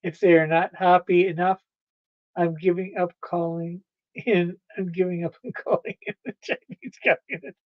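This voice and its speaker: A woman's voice: fairly low pitch, steady tone, normal speed, no echo. Chatty woman streamer, dull dry sound. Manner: rambling, laughs often. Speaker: livestream host. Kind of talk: casual chat with viewers.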